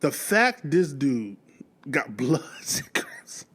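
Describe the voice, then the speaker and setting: Laughing, rambling reaction host. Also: male voice, fairly high pitch, huge pitch swings, takes it slowly, background noise. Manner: loose, laughing, rambling with restarts. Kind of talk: casual reaction commentary.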